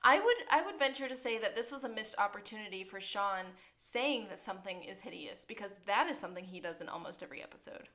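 A woman's voice: mid-range voice, animated, fast talker, few pauses, bright, forceful tone. A woman co-hosting a podcast, recapping a TV episode in casual, joking chat with frequent laughs. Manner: chatty, joking, laughs often. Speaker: podcast co-host.

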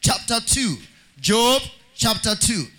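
A man's voice: extremely high pitch, big pitch swings, slow pace, sharp tone. A man preaching a sermon as pastor, reading scripture aloud in a sing-song cadence and calling on the congregation for amens.

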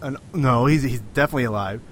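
A man's voice: mid-range voice, fast talker, a crowd in the background. A man co-hosting a talk show, trading casual banter with dry, understated remarks. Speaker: co-host.

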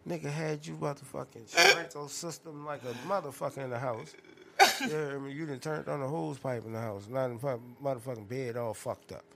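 A man hosting a podcast, telling stories in a profane, animated, rambling rant. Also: mid-range voice, fairly quick, gravelly, crowd noise. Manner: profane, animated storytelling with loud laughing outbursts. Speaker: podcast host.

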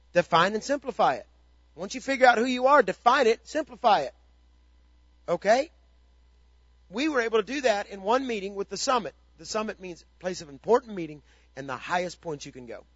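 A man's voice: sits high, a bit bright, dry recording, muffled recording. A man pastor giving a motivational ministry talk, emphatic and fond of repeated rhetorical questions.

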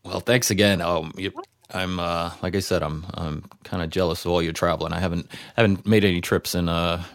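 A man with a New York accent hosting a podcast, talking in a friendly, halting way. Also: deep voice, steady tone, no echo, clean studio sound. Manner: friendly, hesitant with fillers and restarts. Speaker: podcast host. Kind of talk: casual interview chat, sign-off.

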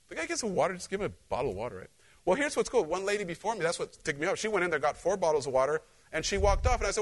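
A man's voice: sits high, fast talker. A male pastor preaching a conversational sermon, telling personal stories and talking directly to his congregation. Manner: animated, talks directly to the congregation.

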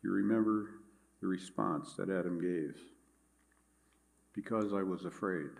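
Male pastor, lowish voice, measured earnest sermon delivery. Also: gravelly. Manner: measured, earnest preaching with scripture reading.

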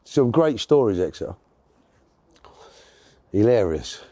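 A man's voice: on the low side, sing-song, slow, mellow, no room sound. A man, telling a long story as an interview guest in a rambling, chatty way, correcting himself as he goes. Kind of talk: casual storytelling.

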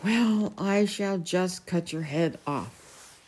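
A woman's voice: fairly low pitch, slow pace, a little mellow, slightly rough. A woman voicing a bumbling, whiny king in a storybook reading, petulant and plaintive. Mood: pleading. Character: bumbling, whiny middle-aged king, a knight.

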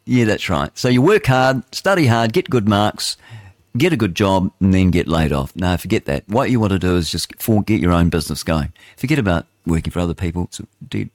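Rambling New Zealand radio host, low voice. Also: male voice, lively intonation, brisk, dry recording, clean studio sound. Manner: rambling, conversational, many asides and restarts. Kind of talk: opinionated talk radio monologue.

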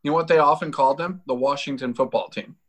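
Sports radio co-host, man, blunt and crude, slightly higher voice. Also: quick pace, a bit bright. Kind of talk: casual sports radio banter.

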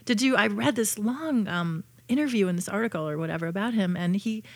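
A woman's voice: mid-range voice, brisk, no echo. A woman telling personal stories in a casual chat, with many fillers and restarts.

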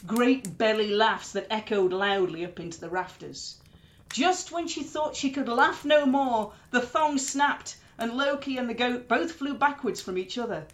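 A woman storyteller narrating a myth in an expressive, lilting way. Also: a little high, a little slow.

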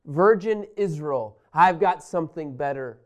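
A man teaching a Bible lesson, reading scripture aloud and explaining it in an emphatic, animated way that speaks straight to his listeners. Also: on the high side, unhurried.

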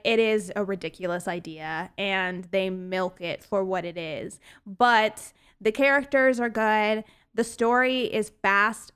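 A woman's voice: medium pitch, a bit bright, smooth. A woman co-hosting a podcast, reviewing a horror movie in casual chat, with lots of fillers and giggles. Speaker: podcast co-host.

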